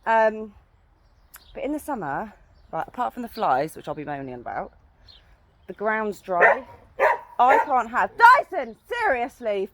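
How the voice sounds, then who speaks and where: A woman's voice: fairly high pitch, very animated, unhurried, pauses often, heavy background noise. A woman in her thirties, a horse owner, chatting bluntly and swearing freely in a casual ranting vlog from an outdoor yard.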